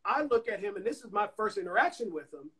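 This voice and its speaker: This guest, a songwriter and producer from Anniston, Alabama, talks fast in a noticeably high voice, telling long stories during a casual interview. He acts out quoted voices with animation, and the sound comes through a phone on Instagram Live.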